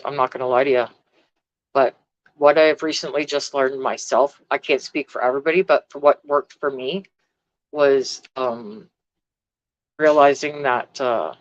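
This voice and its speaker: A woman's voice: a bass voice, dry recording, dull audio. Blunt, rambling woman live-streaming. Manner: blunt, rambling, swears freely. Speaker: vlogger. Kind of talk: casual live-stream chat.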